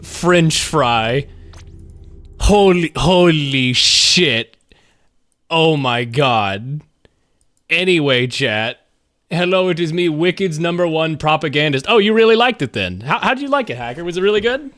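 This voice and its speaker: A man's voice: on the high side, animated, normal speed, a bit bright, no room sound. A worn-out man live-streaming a game, rambling casually to chat and swearing often. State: exhausted.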